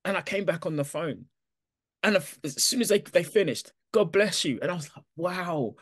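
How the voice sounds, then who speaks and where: A man telling a personal testimony to a congregation in an animated storytelling way, acting out his own self-talk. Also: high voice, moderate pace, no room sound, studio quality. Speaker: church member giving testimony.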